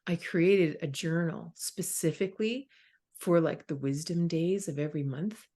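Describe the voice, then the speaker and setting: A woman's voice: on the low side, unhurried, warm tone. A middle-aged woman in a casual conversation as a guest teacher, talking with emphasis and acting out inner voices.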